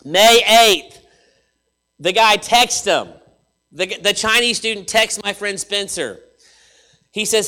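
A man preaching a sermon in an animated way, repeating phrases for emphasis and swinging from loud to hushed. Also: high voice, takes it slowly, pauses often.

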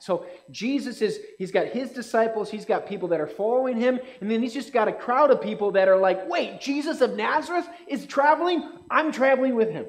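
A man with a high, light voice preaching in a relaxed, conversational way. He keeps asking his listeners questions and acts out the characters' lines in quick bursts. His tone shifts between bright and hushed as he teaches. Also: poor audio. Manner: animated, asks the audience questions, acts out quotes. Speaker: pastor or Bible teacher. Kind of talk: conversational sermon. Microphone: speaking to a live group, slide on screen.

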